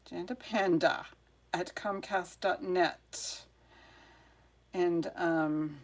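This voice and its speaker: A woman hosting a live jewelry sale stream, chatting casually and muttering to herself while fighting her devices, then greeting viewers one by one. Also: fairly low pitch. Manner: flustered, chatty, muttering to herself over tech trouble.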